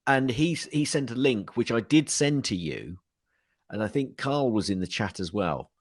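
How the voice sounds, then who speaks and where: Rambling man with a lively voice. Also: mid-range voice. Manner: rambling, halting with fillers, teasing. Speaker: podcast co-host. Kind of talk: casual chat.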